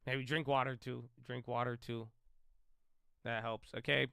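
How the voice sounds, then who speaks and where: A man's voice: mid-range voice, flat delivery, measured pace, gravelly, clean tone, no echo. A man hosting a live trading stream, giving loose, chatty market commentary and calling listeners bro. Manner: says he tends to sound loud and yelling.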